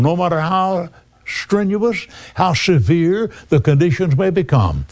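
A man's voice: mid-range voice, darkish tone. A middle-aged man preaching a sermon in an earnest, emphatic way, lifting his voice for quoted words.

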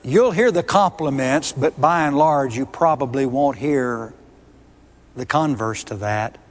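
A man's voice: medium pitch, a little slow, in a large hall. A man preaching a sermon, emphatic and repeating key words with rising force.

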